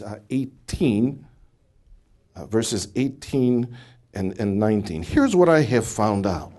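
Male preacher, middle-aged, lively rising and falling delivery, teaching to a studio audience. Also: fairly low pitch. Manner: animated, questioning the audience, many restarts.

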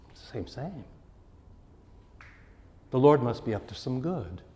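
Low-voiced man preaching in a reverberant hall. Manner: earnest, emphatic preaching with swings in loudness. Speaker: pastor. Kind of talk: sermon.

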